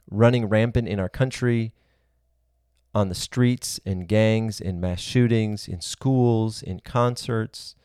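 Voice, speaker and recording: A man preaching in an earnest, reasoning tone, stacking his points into long spoken lists. His voice sits low and sounds mellow and dark. The sound is dry and close, with no room echo. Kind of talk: sermon-style teaching.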